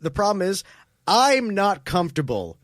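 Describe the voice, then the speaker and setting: A man's voice: high voice, very animated, normal speed, a bit bright, no room sound, clean studio sound. Wry, rambling male podcast host. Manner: rambling, wry, self-interrupting. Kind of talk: casual comedy podcast chat.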